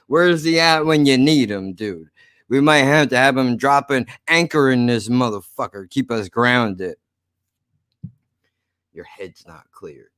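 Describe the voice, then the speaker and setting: A man's voice: mid-range voice, a little slow, a bit bright, smooth, dry recording, studio quality. A man hosting his own podcast, ranting casually with slurred speech and lots of swearing. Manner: slurred, profane, rambling. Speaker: podcast host. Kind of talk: casual rant to listeners.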